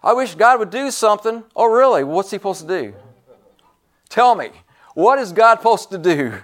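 A man preaching a sermon, emphatic and repetitive, swinging between loud stresses and hushed asides. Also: high voice, big pitch swings, normal speed.

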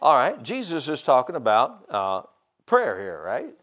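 Animated pastor preaching with drawn-out emphasis. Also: male voice, medium pitch. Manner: animated preaching, drawn-out emphatic scripture quotes, asides to the congregation. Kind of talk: sermon.

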